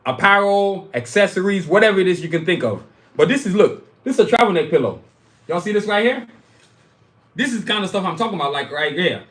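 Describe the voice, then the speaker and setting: Fast-talking blunt man in an echoey room. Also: high voice, fairly bright tone. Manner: blunt, emphatic, says "y'all" and "you know what I'm saying". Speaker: independent animation creator. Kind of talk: casual talk to camera showing merchandise. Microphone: phone camera.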